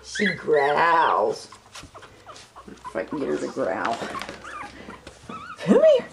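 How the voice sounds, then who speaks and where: Woman breeder talking to puppies in cooing baby talk; unhurried, with a lively, swooping sing-song. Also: rumbling low, gravelly, very noisy. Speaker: dog breeder filming her litter. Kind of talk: casual talk to puppies while filming. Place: home, by a whelping box. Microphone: handheld camera.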